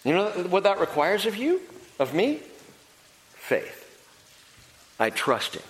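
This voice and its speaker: A man's voice: high-pitched, huge pitch swings, slow pace. A male pastor delivering a sermon, emphatic and repeating his key phrases. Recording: long hall reverb.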